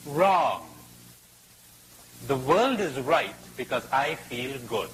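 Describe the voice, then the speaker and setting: A man's voice: medium pitch, slight background noise, rough recording. Man telling a spiritual parable. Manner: expressive, dramatic pauses. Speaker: spiritual speaker. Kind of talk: storytelling spiritual talk.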